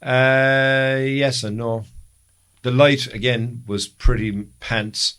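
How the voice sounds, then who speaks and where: A man's voice: medium pitch, steady tone, slow pace, a bit bright, clear, resonant tone. An Irish man co-hosting a podcast, chatting casually and telling long, rambling stories that he often corrects as he goes. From Ireland. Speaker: podcast co-host. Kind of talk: casual chat.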